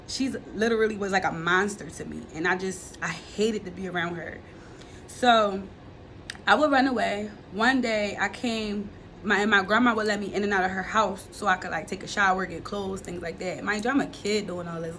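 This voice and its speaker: A woman's voice: mid-range voice, sharp tone, a little hiss or hum. A young woman telling her own life story to her viewers in a candid, blunt, profane way, speaking straight to them. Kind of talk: candid confessional storytelling to camera.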